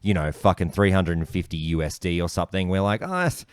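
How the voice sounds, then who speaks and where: An Australian man hosting a podcast, telling stories in animated casual chat with plenty of swearing. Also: sits low, fast, clean tone, no echo, studio quality. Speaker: podcast host.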